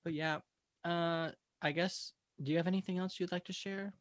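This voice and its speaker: A woman's voice: on the low side, fairly even intonation, moderate pace, no echo, studio quality. A woman co-hosting a podcast, rambling through stories in casual chat and acting out the quoted lines. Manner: rambling storyteller, acts out quoted dialogue. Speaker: podcast co-host.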